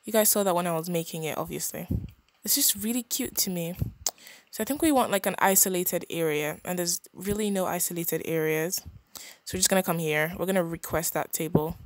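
A young woman casually narrating a life-sim game, chatty and expressive with quick reactions. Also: fairly low pitch, no echo. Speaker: gaming channel host.

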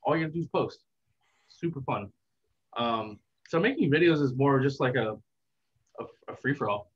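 Relaxed young man, dull lo-fi sound. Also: medium pitch, moderate pace, breathy edge. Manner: relaxed, rambling, reflective. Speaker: interview guest, content creator. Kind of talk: casual interview talk.

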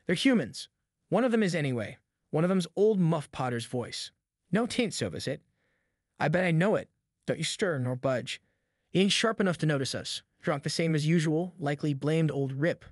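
A man reading the part of a frightened, superstitious country boy who speaks in a rough rustic dialect, in an audiobook. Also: on the high side, expressive, normal speed, dry recording, studio quality. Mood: frightened hush. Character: scared superstitious boy, rustic backwoods talk.

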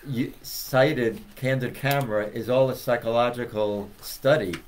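A man with a mid-pitched voice co-hosts a casual chat. He speaks reflectively and laughs often. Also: unhurried.

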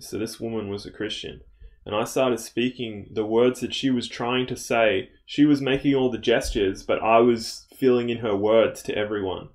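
A young man recounting a dream as a casual spoken testimony, rambling with many fillers and restarts. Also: lowish voice.

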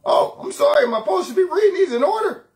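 A man's voice: very high-pitched, lively intonation, fast talker, darkish tone, voice pushed up. A man doing a rambling confused old politician. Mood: mocking. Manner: mocking, jumbled words, stammering fillers.

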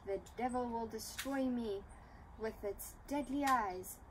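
A woman's voice: a little high, slow, noisy background. A woman voicing a brutish male meat-eating dinosaur in a storybook, gloating and bellowing. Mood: scared.

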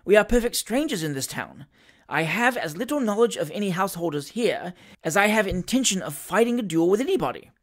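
A dignified older gentleman who stands his ground firmly and with measured indignation, as an audiobook reader puts him on. He speaks with formal, precise courtesy. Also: mid-range voice, expressive. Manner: firm and dignified. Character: firm, indignant, good-humoured older gentleman. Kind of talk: audiobook character voice.

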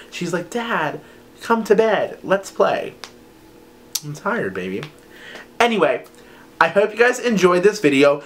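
A man's voice: medium pitch, fairly bright tone, a little hiss or hum. A young man chatting casually to camera as he reviews wax melts, rambling and filling his talk with "like" and "um". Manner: chatty, rambling, says "like" often.

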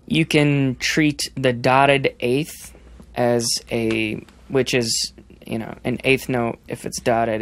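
Gravelly young man explaining rhythms. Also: mid-range voice. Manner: explains by singing rhythms, many fillers and restarts. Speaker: drummer guest. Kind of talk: podcast interview, explaining rhythm.

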